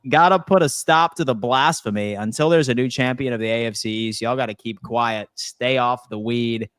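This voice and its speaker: A man's voice: medium pitch, moderate pace, a bit bright, smooth, no room sound. Man, podcast host, laid-back, joking, dry mic. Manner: laid-back, joking, reads chat aloud. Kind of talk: casual podcast chat.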